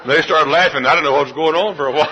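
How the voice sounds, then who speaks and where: A middle-aged man preaching a sermon as a pastor, swinging from hushed confiding to shouted outbursts. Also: fairly high pitch, noisy background. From Texas. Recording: live church service recording.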